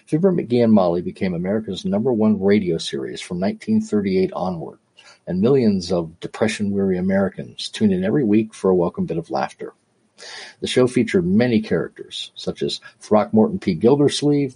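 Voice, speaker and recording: A man hosting a podcast, reading a scripted introduction in a steady, informative way. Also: low-pitched, breathy edge. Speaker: podcast host.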